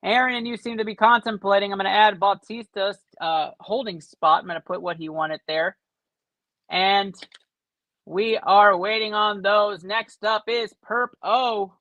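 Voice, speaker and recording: A man hosting a livestream, giving fast live commentary while opening card packs and adding up the points out loud. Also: sits high, fairly even intonation, no echo, dull audio. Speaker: livestream host.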